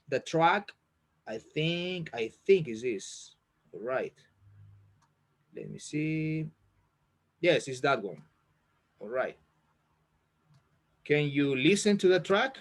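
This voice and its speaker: Slow-spoken man teaching online. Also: on the high side. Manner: slow, encouraging, repeats words for learners. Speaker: English teacher. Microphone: video call.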